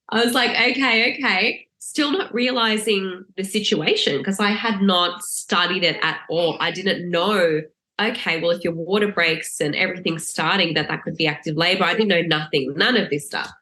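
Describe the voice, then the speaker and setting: A woman telling her birth story as a podcast guest, lively and laughing, acting out the lines she quotes in a raised voice. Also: lowish voice, moderate pace, reverberant. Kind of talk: casual storytelling.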